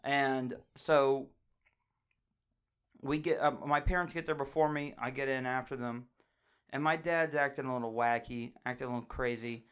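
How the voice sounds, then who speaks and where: A young man co-hosting a casual podcast, with a crude, joking way of telling stories. His voice sits at an ordinary middle pitch, and he talks in a loose, offhand manner. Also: fairly even intonation, normal speed, fairly bright tone, smooth. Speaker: podcast co-host.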